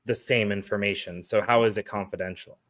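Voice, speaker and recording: A man's voice: on the low side, fairly even intonation, fairly quick, a bit bright. A man on a casual panel show, explaining legal points with a few restarts.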